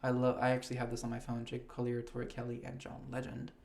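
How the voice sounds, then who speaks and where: A man's voice: medium pitch, completely flat delivery, darkish tone. A young man hosting a casual podcast, reading award nominations aloud and swearing freely in loose chat. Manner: casual, swears freely, reads names slowly. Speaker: podcast host.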